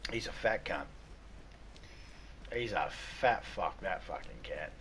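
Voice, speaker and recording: A man's voice: sits low, animated, takes it slowly, fairly bright tone, slight background noise. A man with an Australian accent chatting casually on a live game stream, telling crude, profane jokes. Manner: crude, profane, joking banter. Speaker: gaming streamer. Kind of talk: casual livestream chat.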